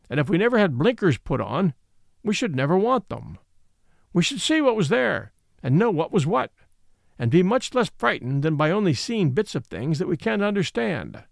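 A man voicing a calm, sensible male horse in a storybook, speaking quietly and evenly. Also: high-pitched, gravelly, no echo, clean studio sound, heavily acted.

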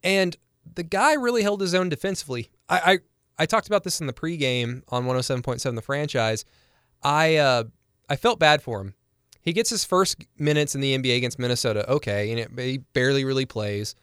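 A man's voice: mid-range voice, animated, fairly quick, fairly bright tone, smooth, no echo, clean studio sound. A young man co-hosting a sports podcast, chatty and analytical in casual talk, laughing easily.

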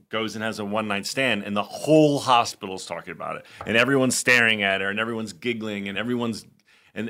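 A man co-hosting a podcast, teasing his co-host and retelling scenes in a profane, animated way. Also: lowish voice. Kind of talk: casual rewatch chat.

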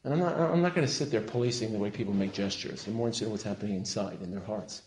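A man lecturing to a congregation as a rabbi, passionate and emphatic, sprinkling Hebrew terms and rising to loud peaks. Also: fairly low pitch, racing, slight background noise. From Israel. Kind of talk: sermon-style lecture. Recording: roomy hall echo.

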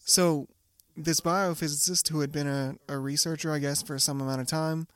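A man's voice: a little high, steady tone, moderate pace, a bit bright, clean tone. A young man co-hosting a podcast in casual chat, laughing often and swearing freely, feeling like he's getting sick. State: getting sick, off all day. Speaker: podcast co-host.

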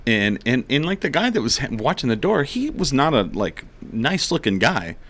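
A man's voice: mid-range voice, sing-song, moderate pace, a bit bright. A man chatting casually, telling a rowdy story with plenty of swearing and laughter, acting out what people said. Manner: swears freely, laughs often, acts out quotes.

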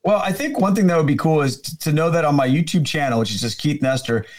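A man's voice: a little high, fast talker, a little mellow. A man who is a Catholic speaker and former pastor, talking as a podcast guest in a friendly, rambling way and spelling out details carefully. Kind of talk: casual interview conversation.

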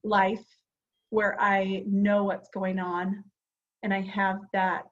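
A woman's voice: medium pitch, little pitch movement, takes it slowly, lo-fi sound. A woman in her forties co-hosting a podcast, talking casually and earnestly with plenty of fillers. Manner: chatty and earnest, with frequent fillers. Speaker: podcast co-host. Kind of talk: casual chat.

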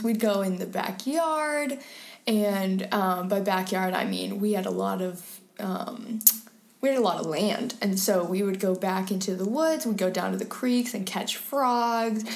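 Chatty young woman in a roomy echo. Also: mid-range voice. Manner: chatty and candid, with many ums and likes. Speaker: interview guest. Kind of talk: personal storytelling in an interview.

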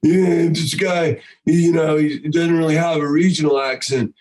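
A man who voice-acts and teaches improv speaks with animation in an easygoing podcast interview, cursing liberally and slipping into rapid voices. The voice runs on the high side, and the recording is rough.

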